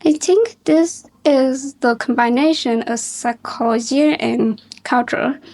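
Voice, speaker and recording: Woman test candidate, Vietnamese accent, fast and hesitant, vocal fry. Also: high-pitched, a little mellow. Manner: hesitant fillers, fast nervous speech. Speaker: exam candidate. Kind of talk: mock speaking exam answer.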